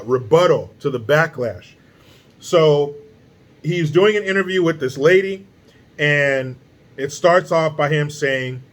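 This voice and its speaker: Blunt, profane male commentator with a forceful voice. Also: a little high. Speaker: political commentary host. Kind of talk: casual opinion commentary.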